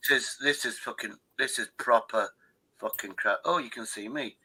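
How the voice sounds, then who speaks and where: A man's voice: mid-range voice, moderate pace, pushed and bright, breathy edge, rough recording. A man, hosting a livestream and telling rambling, sweary stories over a video call. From Derbyshire, England. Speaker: livestream host. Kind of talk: casual chat.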